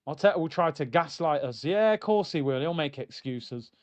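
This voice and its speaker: A man's voice: a little high, expressive, normal speed, highs cut off. Exasperated man ranting on stream. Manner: exasperated, ranting, reads out chat messages. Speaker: host of a football watchalong stream. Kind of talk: live football watchalong commentary.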